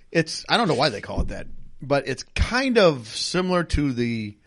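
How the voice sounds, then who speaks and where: A man hosting a casual chat, telling food stories in a chatty, animated way. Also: fairly high pitch, normal speed, dry recording, studio quality. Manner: chatty, lively storytelling with laughs. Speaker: podcast host.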